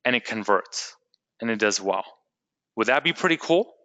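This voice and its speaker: A man's voice: fairly low pitch, lively intonation, moderate pace, sharp tone, no echo, muffled recording. A man presenting a live sales webinar, enthusiastic and salesy, talking straight to his audience.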